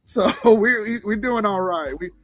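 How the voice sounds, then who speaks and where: Faint music plays behind this livestream host, whose high-pitched, somewhat bright voice has no room sound and a moderate pace. Speaking with a Southern drawl, he chats casually, chuckling easily as he says hello to viewers.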